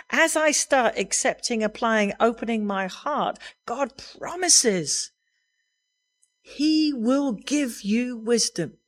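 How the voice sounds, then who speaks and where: Woman preaching an earnest sermon. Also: a little high. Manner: earnest, conversational preaching with light laughs.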